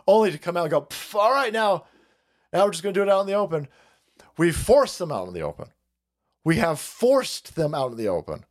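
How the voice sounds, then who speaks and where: Ranting, foul-mouthed male stream host. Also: a little high. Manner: swearing, ranting, repeating phrases, laughing to himself. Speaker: livestream host. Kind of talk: profane political rant.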